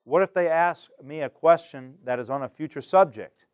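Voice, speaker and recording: A man teaching a class on giving Bible studies, lively and acting out examples while asking the class questions. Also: fairly high pitch, moderate pace, clean tone, no room sound, studio quality. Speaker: Bible study instructor.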